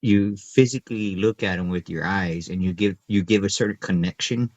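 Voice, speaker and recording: A man in his thirties with a low voice spins animated, cussing stories while co-hosting a casual podcast. The sound is close and dry. It is also a touch dull and lo-fi. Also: normal speed, dry recording. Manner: animated storyteller, profane, acts out kids' voices. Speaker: podcast co-host. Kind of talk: casual chat. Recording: dull, slightly lo-fi podcast audio.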